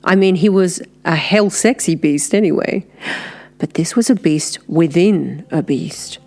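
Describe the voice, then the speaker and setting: A woman narrating an audiobook in the first person, unhurried, sometimes dropping to a breathy whisper. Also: on the low side, mellow.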